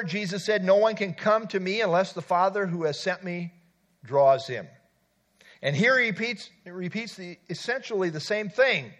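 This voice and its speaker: Male pastor, fairly high voice, animated conversational sermon delivery. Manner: lively, conversational preaching with asides.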